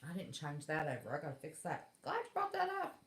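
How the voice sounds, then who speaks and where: A woman's voice: low-pitched, wildly swooping pitch, quick pace. Exasperated woman livestreaming. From West Virginia. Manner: exasperated, folksy, blunt. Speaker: livestream host. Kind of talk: casual live chat rant. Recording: echoey room.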